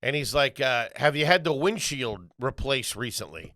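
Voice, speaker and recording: A man co-hosting a podcast, telling a profane, animated story full of quoted voices in casual chat. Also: mid-range voice, normal speed, dry recording, studio quality. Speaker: podcast co-host.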